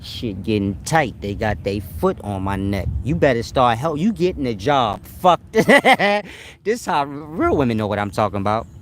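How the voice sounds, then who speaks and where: A man's voice: mid-range voice, big pitch swings, unhurried, a bit bright, slight background noise. A man giving profane, streetwise relationship advice in a casual monologue, breaking into laughter often. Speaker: advice vlogger.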